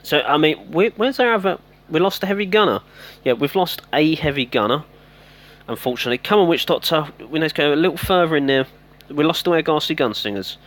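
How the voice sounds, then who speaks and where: A man's voice: a little high, animated, fast talker, fairly bright tone. A man casually commentating his own game play, rambling and getting exasperated at his troops. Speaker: gameplay commentator.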